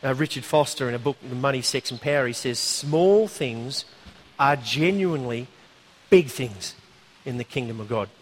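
A man preaching a sermon, telling a story in a conversational, animated way with asides. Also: medium pitch, normal speed.

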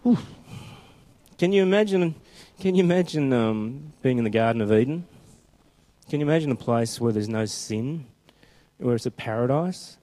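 A man preaching a chatty, informal sermon who slows down when reading scripture aloud. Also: medium pitch, lively intonation, mellow. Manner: conversational and chatty, slowing down for scripture quotes.

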